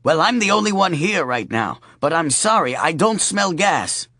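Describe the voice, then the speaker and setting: A man's voice: on the high side, animated, normal speed, no room sound, clean studio sound, pitched above the performer's own voice, heavily acted. A man voicing a suspicious elderly woman neighbor in an audiobook. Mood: hesitant. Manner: wary, sharp.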